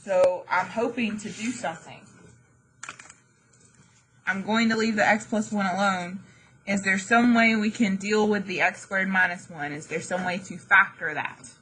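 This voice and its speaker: Bright-voiced woman teaching math. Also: mid-range voice, fairly even intonation, measured pace, breathy edge, rough recording. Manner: chatty, dramatic asides, jokey. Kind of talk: classroom lesson. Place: classroom.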